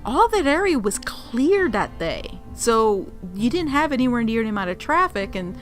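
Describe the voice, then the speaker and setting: Woman, from Puerto Rico, vlogger, very expressive pitch, laughs a lot, casual storytelling. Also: normal speed, soft background music. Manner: animated, laughing often, acts out quotes.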